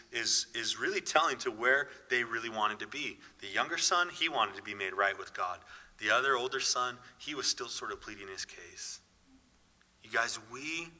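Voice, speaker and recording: Male pastor, earnest conversational sermon delivery, very bright and forceful tone, long reverb of a church hall. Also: mid-range voice. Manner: earnest, conversational preaching with restarts and emphatic repetition.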